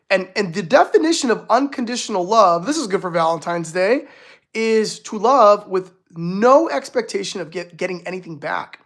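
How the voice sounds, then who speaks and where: A spiritual healer hosting a live stream in casual chat, excitable and gushing, breaking into laughs and exclamations, with many restarts and filler words. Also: medium pitch.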